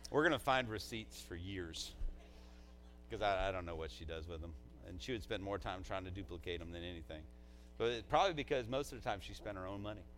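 A man's voice: sits low, fairly quick, a bit bright, a little hiss or hum, rough recording. A man, a pastor, delivering a eulogy in a conversational, heartfelt way, often dropping in "man" as a filler.

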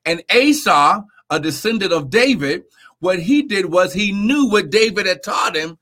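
Bright-voiced man preaching. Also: sits high, a little slow. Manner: animated, repeats words, asks amen. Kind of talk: live Bible teaching.

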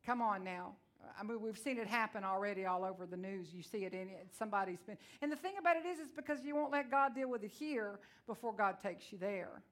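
Loud, blunt Texan woman preacher. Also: medium pitch, a little fast. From Texas, USA. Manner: loud, blunt, emotional, folksy storytelling. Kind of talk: sermon.

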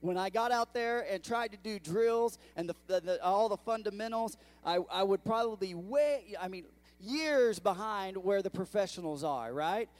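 A fairly high-voiced man preaching in a church, his delivery lively and swinging from hushed asides to loud exclamations. He keeps calling out to the congregation as he goes. Now and then he drifts a little away from the mic. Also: normal speed, hardly any pauses, no room sound. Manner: animated preaching with audience call-outs. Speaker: pastor. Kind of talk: sermon. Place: church sanctuary.

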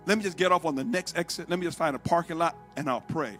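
A man with a high, bright, ringing voice delivers a Pentecostal sermon. He swings between shouted, drawn-out exhortations and quiet, halting storytelling, with soft music playing faintly behind him. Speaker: preacher.

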